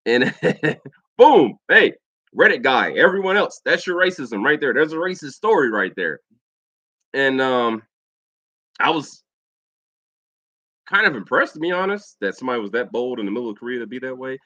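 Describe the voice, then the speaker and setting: An American man tells a crude, animated story straight to camera in a casual vlog. His voice is bright and swings widely in pitch. The recording is dry and close, with a slightly dull, muffled top end. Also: moderate pace, long pauses, no echo. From United States. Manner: profane, animated storytelling with mimicked quotes. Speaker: vlogger, Air Force veteran.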